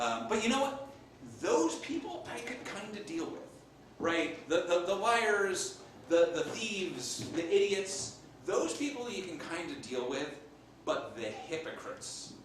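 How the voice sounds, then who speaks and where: A man doing a comic in-character monologue as an improv performer, an animated storyteller playing a Renaissance papal scribe. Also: sits high, slight background noise. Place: live theater stage. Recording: echoey stage from far off.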